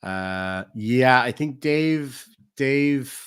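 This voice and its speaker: A man's voice: medium pitch, expressive, very slow, clean tone. An Irish man streaming live, reading viewer comments aloud in a casual, rambling way with frequent hesitant ums. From Ireland.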